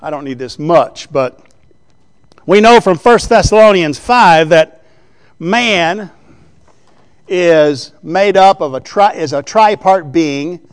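Guy preaching a bible lesson, kinda high clear voice, slow and chatty, keeps asking right?. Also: lively intonation. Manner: conversational, checks in with rhetorical questions; writes on a board while teaching. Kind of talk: Bible teaching sermon.

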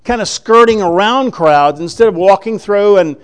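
Male preacher, slightly high and smooth, folksy sermon delivery with dramatized scripture. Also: moderate pace. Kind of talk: sermon, Bible exposition.

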